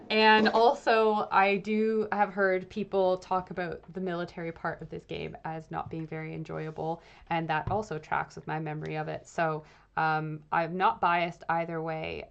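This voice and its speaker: A woman's voice: deep voice, gravelly, fairly bright tone, lo-fi sound. A young woman from the UK streaming a game and chatting casually with viewers, thinking aloud with many fillers. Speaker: streaming host and archaeologist. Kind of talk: casual live-stream commentary.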